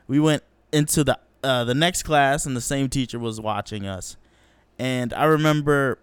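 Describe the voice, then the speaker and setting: A young man hosting a casual solo podcast, telling a childhood story in a slangy, profane way and acting out quotes in a higher voice. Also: clean tone, dry recording. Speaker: podcast host.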